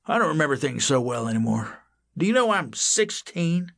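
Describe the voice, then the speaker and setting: A rambling, forgetful old tomcat from a children's storybook, as a male narrator puts him on. He chats on and repeats himself, with a lively, swooping delivery, raised high and a bit gravelly and husky. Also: normal speed, full character voice. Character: forgetful chatty old male house cat.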